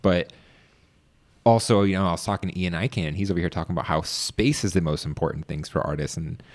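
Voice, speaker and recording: A man hosting a casual interview with a fairly low voice. He is enthusiastic and talks easily, leaning on fillers as he goes. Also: fast.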